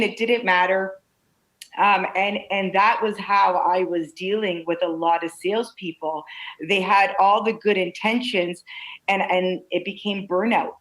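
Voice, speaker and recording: A woman answers interview questions in an open, animated way, tumbling through stories with frequent restarts. Her pitch sits mid-range, neither high nor low. She talks like a real estate broker-owner speaking from a video call. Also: rough recording. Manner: animated, candid storytelling with many restarts.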